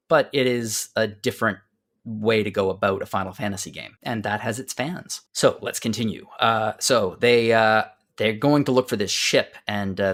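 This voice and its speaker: A man's voice: lowish voice, fairly bright tone. A man hosting a podcast, recapping a game's story in casual chat and putting on playful voices for the characters. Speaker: podcast host. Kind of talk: casual game discussion.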